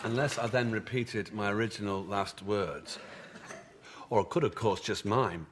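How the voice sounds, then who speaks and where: A young man plays a rambling, jokey best man in a sitcom, throwing in goofy, clownish asides. His voice is lowish and a little slow, lightly acted, with slight background noise. Loud audience laughter fills the TV recording.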